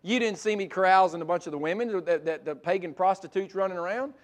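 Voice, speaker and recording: A middle-aged pastor preaches with a notably high-pitched voice. He climbs into loud, emphatic stretches and then drops to a soft, close delivery. He talks like a man speaking from the pulpit. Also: fast talker. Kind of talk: sermon.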